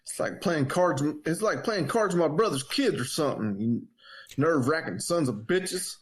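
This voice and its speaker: A podcast co-host who cracks jokes at his partner's expense in relaxed banter. His pitch jumps around a lot, and the lines come out quick and teasing. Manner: wisecracking, teasing, lively.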